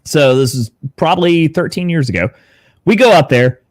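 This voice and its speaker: A man, a guest on a podcast, telling a story casually, animated and swearing freely. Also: on the high side, normal speed, no room sound, studio quality. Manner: animated, swears freely, acts out quoted dialogue. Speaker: podcast guest, content creator.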